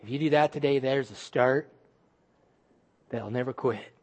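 A male pastor preaches a sermon at a middle pitch and a measured pace. He delivers with emphasis, then drops to soft, hushed lines to press his point home.

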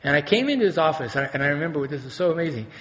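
Male pastor, high voice, lively sermon delivery with sudden drops to hushed intensity. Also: very fast. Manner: animated, swings between loud exclamations and quiet intensity; asks the congregation rhetorical questions.

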